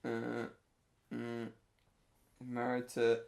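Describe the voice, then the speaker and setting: A man's voice: medium pitch, brisk, creaky. A man co-hosting a film podcast in casual chat, rambling and hesitant, often trailing off. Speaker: podcast co-host.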